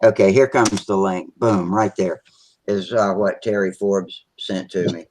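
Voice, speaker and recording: A man's voice: low voice, steady tone, a little slow, a little mellow, a little hiss or hum. A man hosting a casual video call hangout, rambling along as he fumbles with his computer. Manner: rambling, narrates his own computer trouble. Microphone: computer mic on a video call.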